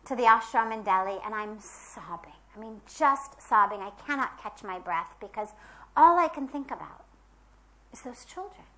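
A woman speaks earnestly in a spiritual talk, leaning hard on key words and pausing between phrases. Her voice sits a little high for a woman. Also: sharp tone. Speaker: spiritual teacher.

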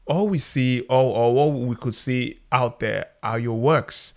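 A man's voice: medium pitch, a little slow. A man hosting a podcast, asking eager questions with frequent restarts. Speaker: podcast host. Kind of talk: conversational interview.

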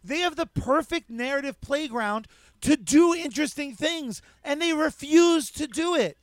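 A man's voice: very high voice, expressive, measured pace, no room sound. A man co-hosting a casual podcast, ranting heatedly and cursing freely. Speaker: podcast co-host.

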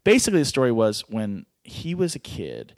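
A man's voice: mid-range voice, huge pitch swings, normal speed, darkish tone, dry recording. A middle-aged man and screenwriter, telling comic stories casually as a podcast guest and laughing through them.

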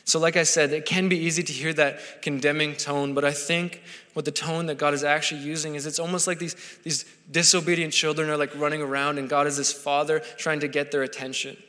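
A man's voice: a little high, level tone, brisk, pushed and bright. A man preaching a sermon in an earnest way, building to impassioned pleading. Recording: long hall reverb.

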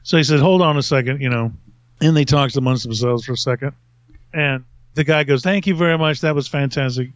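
A man's voice: medium pitch, fairly quick, smooth, no room sound, dull audio. A middle-aged man hosting a podcast, telling a rambling, self-mocking story in a casual way and laughing at himself. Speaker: podcast host.

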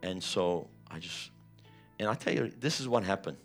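A man's voice: deep voice, animated, moderate pace, gravelly, soft background music. A man preaching a sermon, retelling a personal testimony with vivid, emotional storytelling. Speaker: pastor.

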